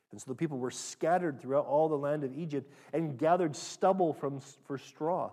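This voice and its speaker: A man preaching a sermon as pastor, rising loud and high when reading scripture and dropping soft and low when he applies it. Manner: dynamic preaching, pitch and volume rising sharply when reading scripture aloud.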